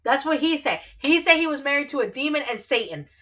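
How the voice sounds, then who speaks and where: A woman with a New Jersey accent co-hosting a casual livestream, brash and teasing, quick to swear. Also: high voice, animated, a bit bright, a little hiss or hum. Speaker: co-host.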